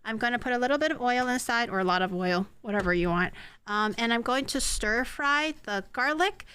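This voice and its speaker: A young woman streams from her home kitchen, cooking and bantering with chat. Her voice sits high and bright. She teases her viewers and often breaks into laughter. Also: expressive, brisk, clean tone. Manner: playful, teasing, bursts into laughter. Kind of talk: casual live-stream chat while cooking.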